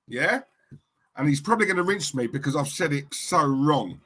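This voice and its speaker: A chatty man hosting a casual fan livestream. His voice sits a little high for a man, and he keeps the talk light and jokey as he reels off shout-outs to the chat. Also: lively intonation, fairly quick. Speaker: livestream host.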